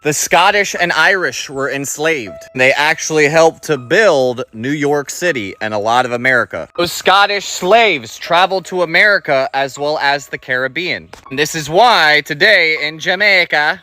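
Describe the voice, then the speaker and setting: Man with an emphatic, preachy delivery, slightly high voice, loud instrumental music under him. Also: animated, normal speed, few pauses. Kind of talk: casual social media commentary.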